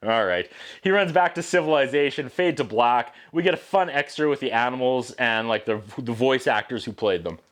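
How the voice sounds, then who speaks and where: A man's voice: mid-range voice, moderate pace, fairly bright tone. A man hosting a video review show, giving sarcastic, wisecracking commentary. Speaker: VHS reviewer. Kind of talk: casual commentary.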